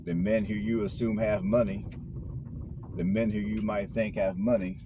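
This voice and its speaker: Man with a low voice talking slangy advice. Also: level tone, moderate pace. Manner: preachy, repeats phrases, street slang. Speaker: vlogger. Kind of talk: casual talk while driving. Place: in a car. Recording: car noise behind.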